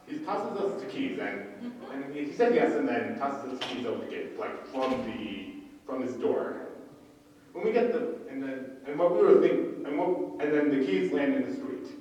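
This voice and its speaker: A man's voice: mid-range voice, very animated, moderate pace, darkish tone, slight background noise. A young man telling a story on a convention panel, rambling and restarting often. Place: large convention panel room. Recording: echoey hall, far from the mic, dull sound.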